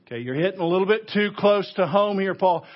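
A male pastor preaching a sermon, animated, acting out outrage with sudden loud bursts. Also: sits high, quick pace, highs cut off. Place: church sanctuary.

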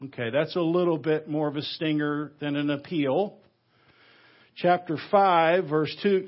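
A male pastor preaching a sermon, animated, acting out outrage with sudden loud bursts. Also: a little high, takes it slowly, pauses often, highs cut off. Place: church sanctuary.

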